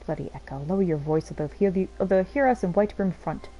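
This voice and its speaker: A woman voicing a grumbling male soldier on guard duty while reading game dialogue aloud, gruff and complaining. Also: lowish voice, quick pace, warm tone, highs cut off, close to an everyday voice.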